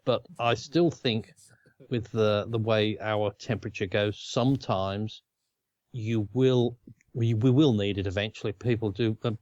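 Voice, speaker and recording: A man's voice: lowish voice, fairly even intonation, a little slow, darkish tone, no echo, lo-fi sound. Rambling Australian man, chuckling. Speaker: co-host. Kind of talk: casual chat.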